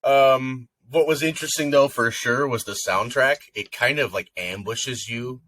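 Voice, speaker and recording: A man's voice: medium pitch, unhurried, fairly bright tone. A man co-hosting a podcast, chatting casually about movies, rambling with lots of fillers. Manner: rambling, filler-heavy, breaks into sung snippets. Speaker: podcast co-host. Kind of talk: casual chat.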